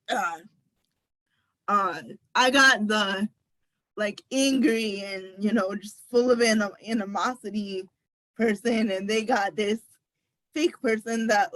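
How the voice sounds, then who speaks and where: A woman's voice: medium pitch, no echo, poor audio. A young woman on a video call, sharing a personal account on a panel in a hesitant way, searching for words.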